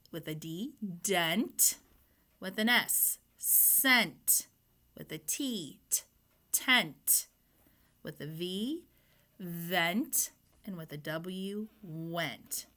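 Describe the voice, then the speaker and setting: A woman teacher giving a phonics lesson to young children, reading words slowly and patiently. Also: lowish voice. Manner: slow, patient, reads words aloud in even steps.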